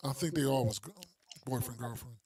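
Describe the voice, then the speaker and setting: A podcast co-host tells a story in loose, slangy, casual chat, acting out the people in it. His medium-pitched voice is a little mellow and fairly quick.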